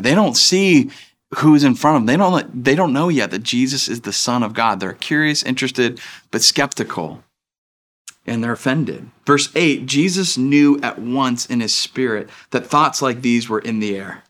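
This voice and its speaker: Guy pastor preaching, laid back and chatty, mid pitch, acts out quotes. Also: moderate pace, fairly bright tone. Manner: casual, conversational, acts out quoted voices. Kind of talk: sermon.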